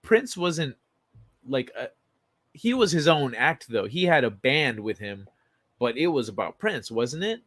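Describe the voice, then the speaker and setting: A man's voice: mid-range voice, big pitch swings, unhurried, a bit bright, dry recording. A man hosting a casual livestream, reading an article and chat messages aloud and chatting loosely with frequent fillers and the odd swear word. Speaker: livestream host.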